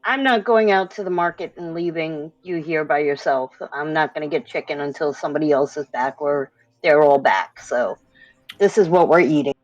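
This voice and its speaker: A woman plays a tabletop game and speaks in a plain, practical way. Her voice sits a little low. The recording is dull and lo-fi, with a dry sound and no room echo. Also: moderate pace. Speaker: player.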